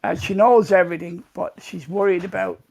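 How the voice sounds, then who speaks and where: A man calling in to a chat show talks in a high voice, strongly gravelly with heavy vocal fry. He is chatty and light, tossing in jokey asides as he shares his bit. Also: steady tone, brisk, a little mellow. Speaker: caller. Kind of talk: casual chat.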